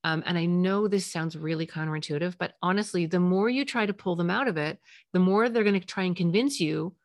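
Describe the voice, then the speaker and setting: Gentle low-voiced woman podcast host. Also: brisk, no echo. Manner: gentle, reassuring, acts out parent and child lines. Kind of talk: solo podcast advice.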